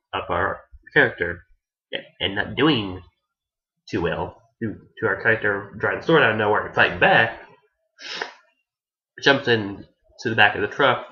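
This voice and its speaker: A man's voice: lowish voice, pushed and bright, lo-fi sound. A man giving a casual, rambling anime review who restarts his sentences often and swears offhandedly.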